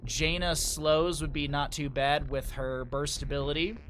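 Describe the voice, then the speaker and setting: A man's voice: a little high, fairly even intonation, a little slow, a bit bright, slight background noise. A man casting a video game tournament on his stream, chatty and upbeat. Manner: chatty and upbeat, cowboy-style greetings. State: out of breath. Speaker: esports caster and streamer. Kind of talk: solo esports commentary.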